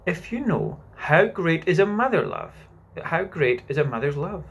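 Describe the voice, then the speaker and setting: A man's voice: a little high, big pitch swings, moderate pace, creaky, breathy edge, pitched above the performer's own voice, full character voice. A man voicing a motherly young girl telling a bedtime story, coaxing and patient, sighing at interruptions. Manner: gently coaxing, sighs at interruptions.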